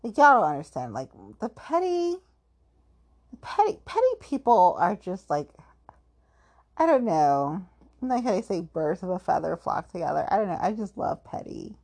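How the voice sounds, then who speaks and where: A woman with a husky, breathy voice talks in a loose, rambling way, leaning on "like" every few words. Her pitch sits a bit low but swings widely and animatedly. She sounds playfully self-mocking. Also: sing-song, moderate pace, darkish tone. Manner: rambling, heavy use of "like"; playful, self-mocking about being petty. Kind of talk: casual chat.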